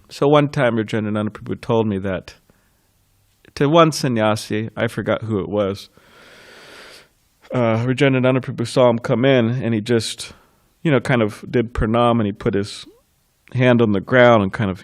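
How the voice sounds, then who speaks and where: Low-voiced man giving a temple class. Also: moderate pace, dry recording, clean studio sound. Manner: informal, anecdotal, laughs softly between thoughts. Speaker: scripture class speaker. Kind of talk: reminiscing temple class talk.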